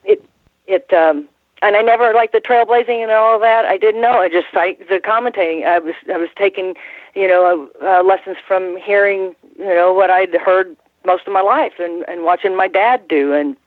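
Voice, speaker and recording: A woman's voice: mid-range voice, normal speed, dry recording. A woman in her sixties, a former ring announcer, telling rambling stories in a casual interview and laughing often. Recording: tinny phone line, dry.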